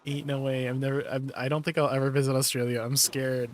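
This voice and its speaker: Reading chat while he games on a live stream, a young man riffs on viewers' messages, easily amused and casual. His medium-pitched voice stays level in tone and moves at a quick pace, with slight background noise.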